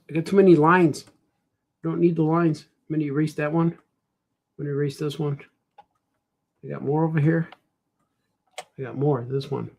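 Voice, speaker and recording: Slightly high-voiced man muttering while drawing. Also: vocal fry, darkish tone, a little hiss or hum. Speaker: cartoonist and comic shop host. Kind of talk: casual drawing vlog, thinking aloud.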